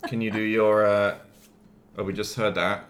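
A man co-hosting a casual movie podcast from home, relaxed and chatty, often correcting himself mid-sentence. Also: on the low side, normal speed, over music. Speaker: podcast co-host.

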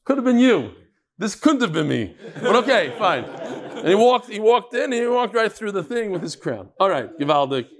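This is a man leading an animated Talmud lesson. His voice sits a little on the high side. He keeps weaving in Hebrew terms and repeating words for emphasis. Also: normal speed. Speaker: Talmud teacher. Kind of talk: animated Talmud class with storytelling.

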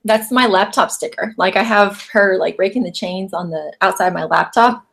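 A young woman talking casually about comics on a podcast, quick and easygoing with fillers. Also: mid-range voice, creaky, a bit bright.

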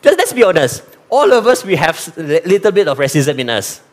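With a fairly high voice and a slightly quick delivery, this preacher from Sarawak, East Malaysia, addresses the congregation head-on. His Malaysian accent comes through, and he sprinkles Malay phrases into his animated sermon.

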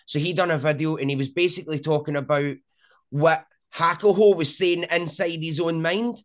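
Animated Scottish man, slightly high voice. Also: normal speed. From Scotland. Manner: animated storyteller, frequent "do you know what I mean". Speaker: sumo content creator. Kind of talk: casual interview chat.

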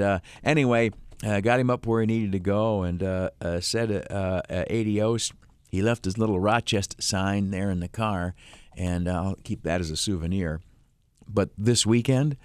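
Brief: fifties male talk-radio host, folksy and rambling, low-ish voice, dry studio sound. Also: steady tone, normal speed, clean tone, no echo. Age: 50s. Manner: folksy, rambling, many "uh" fillers, chuckles. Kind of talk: casual storytelling on talk radio. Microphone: studio microphone, dry.

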